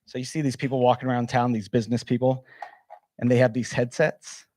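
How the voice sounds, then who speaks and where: A man's voice: mid-range voice, fairly quick. Casual man giving a hands-on workshop. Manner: casual, energetic, demonstrates gear, many fillers. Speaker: workshop presenter. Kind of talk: live workshop talk.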